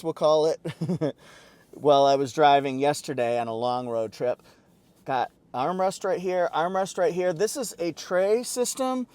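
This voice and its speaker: A man's voice: fairly high pitch, a little mellow, no room sound. A man giving a chatty, upbeat walkaround review from inside a vehicle, repeating short phrases as he points things out. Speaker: car reviewer. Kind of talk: casual walkaround product review.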